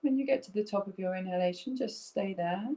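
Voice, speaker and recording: A middle-aged woman yoga teacher leading a guided breathing session, speaking softly and slowly with gentle check-ins to her students. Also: mid-range voice, poor audio. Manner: soft, slow and soothing, with gentle check-ins. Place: home, via online stream.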